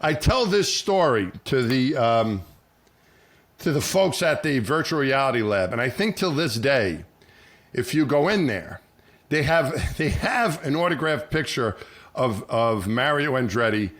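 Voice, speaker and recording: A man telling a long, animated story in casual podcast chat, acting out the people he quotes. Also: mid-range voice, measured pace. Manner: animated, acts out quoted voices, many restarts. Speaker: podcast co-host.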